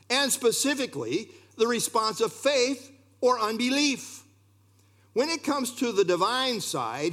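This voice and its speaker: Male pastor, middle-aged, teaching a sermon. Voice sits high and swings widely in pitch. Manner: animated, emphatic preaching with sudden drops in volume. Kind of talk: expository sermon.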